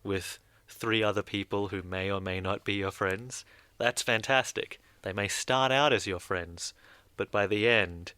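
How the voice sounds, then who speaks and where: A man's voice: lowish voice, steady tone, measured pace, sharp tone, clean tone, no echo. A man co-hosting a radio podcast in a studio, reviewing a game in casual, emphatic chat. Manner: emphatic, repeats words for effect. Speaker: podcast co-host.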